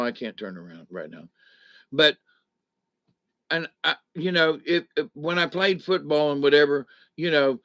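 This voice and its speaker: A man's voice: fairly high pitch, a bit bright, no room sound. A middle-aged man, recovering at home from back surgery, chatting casually and rambling to his viewers. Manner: rambling, folksy, chuckles between thoughts. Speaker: vlogger talking to viewers. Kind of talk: casual live chat to viewers. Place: home, indoors.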